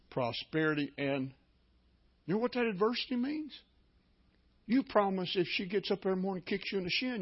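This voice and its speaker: A man's voice: mid-range voice, breathy edge. An older man, a pastor preaching a sermon through folksy, repetitive storytelling. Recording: dull lo-fi recording.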